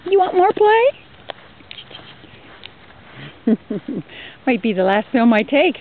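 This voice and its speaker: A woman with a high, swooping voice coos and baby-talks to her horses at an easy, unhurried pace. She is out in a pasture, recorded on a handheld camera. The sound is thin and tinny, with a faint hiss behind it. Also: big pitch swings. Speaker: horse owner filming her colt. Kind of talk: casual talk to animals. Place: outdoor pasture near woods.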